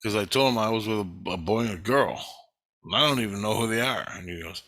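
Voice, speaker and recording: A man's voice: lowish voice, a little fast, sharp tone. Rambling, profane man telling a story. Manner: rambling, profane, with frequent restarts. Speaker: vlogger recounting an astral travel experience. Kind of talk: casual storytelling.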